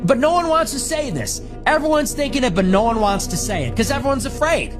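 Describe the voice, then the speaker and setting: A woman's voice: sits high, big pitch swings, a little fast. A woman in an angry, sarcastic rant, firing off repeated questions and swearing. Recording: loud music under the voice.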